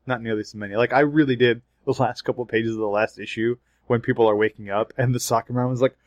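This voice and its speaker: A man co-hosting a casual podcast chat, animated, swearing and laughing between points. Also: medium pitch, quick pace, no echo. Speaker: podcast co-host.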